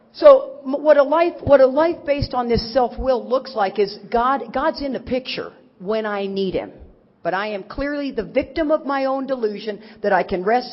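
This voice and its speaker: A middle-aged woman from Texas giving an animated, folksy recovery talk to a crowd, teasing her listeners. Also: a little high. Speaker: recovery speaker. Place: large conference hall. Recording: dull recording with long hall reverb.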